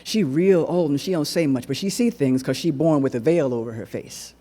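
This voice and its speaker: A man performing a dramatic monologue on stage, narrating in an animated, dialect-rich storytelling voice. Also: a little high, fairly quick. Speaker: solo performer. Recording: echoey hall recording.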